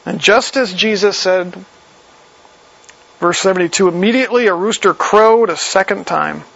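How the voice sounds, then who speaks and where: A man's voice: high voice, normal speed, gravelly, a bit bright. A man preaching a sermon in a conversational way, reading verses aloud and explaining them. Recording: slightly dull lo-fi recording.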